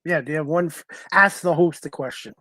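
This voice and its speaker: A man hosting a talk show over a video call, asking guests steady, earnest questions. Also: fairly high pitch, brisk, no room sound. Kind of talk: casual interview.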